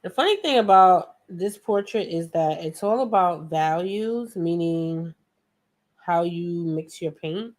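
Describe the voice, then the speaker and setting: A woman's voice: fairly low pitch, slow pace, a little mellow. A woman with a New York accent hosting a painting tutorial, chatty and playful, talking to viewers like friends. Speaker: art tutorial host. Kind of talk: casual painting tutorial chat.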